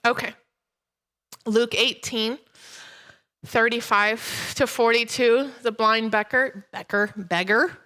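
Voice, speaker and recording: A woman in her thirties preaching a sermon and telling a personal story in an animated way. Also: a little high, a little slow. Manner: animated storytelling, breaks into laughter.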